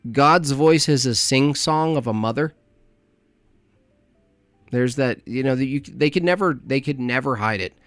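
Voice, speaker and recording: A man's voice: medium pitch, unhurried, pauses often, fairly bright tone, dry recording, soft background music. Sarcastic male streamer, dry close sound. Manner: mocking, crude, sarcastic, rambling. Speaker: livestream host reacting to a clip. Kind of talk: casual reaction commentary.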